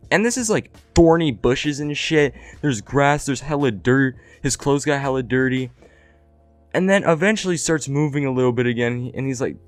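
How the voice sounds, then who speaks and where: A young man casually telling a story, slangy and profane, with lots of "like" and "right?" fillers. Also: medium pitch. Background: faint background music.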